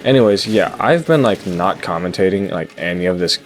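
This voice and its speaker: Low-voiced rambling young gamer. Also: male voice, lively intonation, a little fast, soft background music. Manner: rambling, self-interrupting, frequent stutters and fillers. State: voice cracking, hiccups. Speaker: gaming channel host. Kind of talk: casual gameplay commentary. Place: home, late at night.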